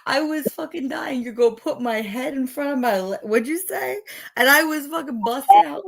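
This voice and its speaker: A woman's voice: high-pitched, animated, normal speed, gravelly. A woman co-hosting a casual livestream, teasing and joking with crude language. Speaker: livestream co-host.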